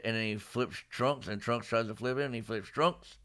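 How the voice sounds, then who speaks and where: A man hosting a casual live-streamed manga discussion, retelling scenes with lively put-on character lines and frequent laughs. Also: mid-range voice, moderate pace, few pauses, clean tone. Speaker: podcast host. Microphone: live stream microphone.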